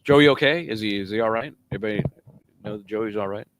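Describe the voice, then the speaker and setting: A man's voice: fairly low pitch, fast talker, background noise. A man chatting casually on a live stream, rambling between topics and reading out viewer comments. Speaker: livestream legal commentator. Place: outdoors near a courthouse.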